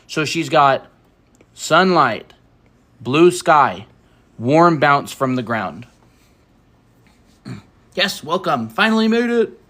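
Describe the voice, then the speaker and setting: A man running a relaxed art livestream, explaining lighting and drawing step by step. He speaks clearly and coherently, with a lively, wide-moving pitch. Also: slow pace, long pauses. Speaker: art teacher and stream host. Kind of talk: casual livestream chat while teaching drawing.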